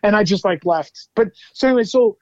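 High-voiced man telling animated stories. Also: brisk, no room sound, lo-fi sound. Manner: animated, laughs often, lots of "like". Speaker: guest musician. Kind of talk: casual storytelling interview.

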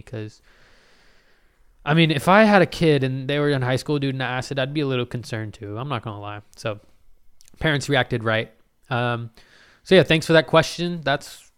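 A young man answering viewer questions in a casual vlog, swearing freely and talking in animated, exclamatory bursts full of fillers. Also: medium pitch, clean tone. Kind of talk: casual Q&A storytelling.

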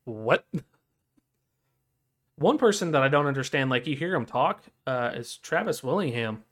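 A man's voice: medium pitch, expressive, brisk, a bit bright. A man co-hosting a casual podcast, talking in a rambling way full of fillers and restarts. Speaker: podcast co-host. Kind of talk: casual chat.

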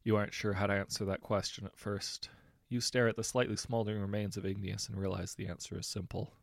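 A man narrating a second-person story in a measured, intimate way. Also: fairly low pitch, little pitch movement, gravelly, dry recording, clean studio sound.

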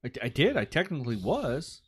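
A man's voice: mid-range voice, huge pitch swings, moderate pace, husky. A man co-hosting a podcast in casual chat, laid-back and jokey, swearing freely as he tells stories. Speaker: podcast co-host.

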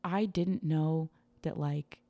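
A woman's voice: low-pitched, steady tone, dark tone. Chatty young woman hosting a podcast. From Texas. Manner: chatty, quick asides. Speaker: podcast host. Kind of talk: casual podcast chat.

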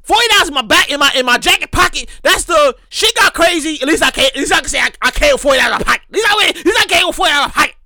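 A person telling a casual story in a monologue, profane and animated, repeating phrases for emphasis. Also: high voice, very fast, hardly any pauses, dry recording, studio quality.

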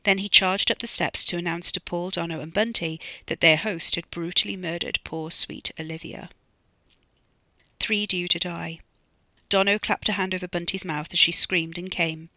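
An author narrates their own dark comic thriller in a measured, steady way. The tone is bright and forceful, and the recording is dry and close with no room sound. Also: medium pitch, no room sound. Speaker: author reading own novella. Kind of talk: audiobook narration.

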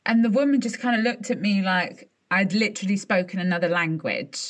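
A woman's voice: medium pitch, fairly quick. A woman, co-hosting a podcast in casual chat, telling stories with lots of laughter. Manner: animated storytelling, laughs often. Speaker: podcast co-host.

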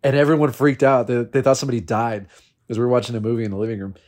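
Brief: man, mid-pitched, lively storyteller among friends, swears freely. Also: very fast. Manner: animated storytelling, swears, laughs often. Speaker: fantasy football league member. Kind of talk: casual chat.

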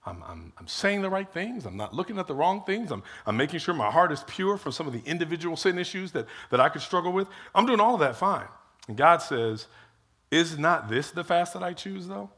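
Bright, husky-voiced man preaching. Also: fairly high pitch, fairly quick. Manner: animated preaching with acted-out quotes, rhetorical questions, repeated restarts. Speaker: pastor. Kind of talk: sermon.

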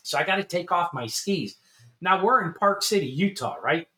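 A middle-aged man spins a rambling story for his co-hosts, his voice bright and sitting a little high for a man. He swears freely and laughs his way through the telling in an easy, casual chat. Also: moderate pace. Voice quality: animated, swearing, laughs while telling stories. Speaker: podcast co-host.

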